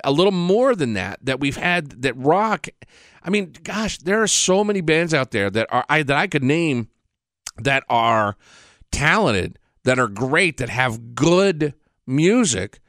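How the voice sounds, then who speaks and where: A male radio host delivers a loose, rambling monologue full of profanity. His voice is medium-pitched and a bit bright, captured on a radio studio mic with a dry, close sound.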